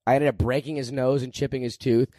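A man's voice: mid-range voice, little pitch movement, fast, mellow, dry recording, clean studio sound. A man who is a podcast guest, telling stories in a casual, crude and joking way and swearing freely. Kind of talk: casual storytelling.

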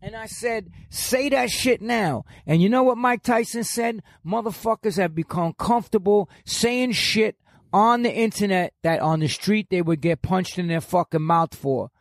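A man's voice: sits high, moderate pace, no echo, studio quality. A man, telling stories as a guest in an aggressive, profane, boastful way. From New York. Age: 60s. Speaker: podcast guest. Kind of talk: profane storytelling in an interview.

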